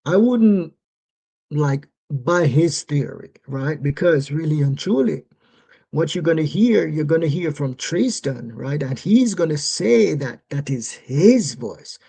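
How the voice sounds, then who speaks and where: Slow, husky livestream commentator. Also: mid-range voice, animated, warm tone. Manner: rhetorical, repeatedly asks "right?" and "yes?".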